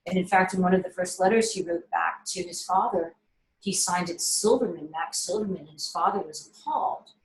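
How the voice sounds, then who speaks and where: A middle-aged woman filmmaker speaks over a video call, telling stories in an animated way with lots of restarts. Her voice sits a little low. The room around her echoes noticeably. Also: brisk. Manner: animated, with frequent restarts and fillers. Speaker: filmmaker being interviewed. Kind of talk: casual conversational storytelling.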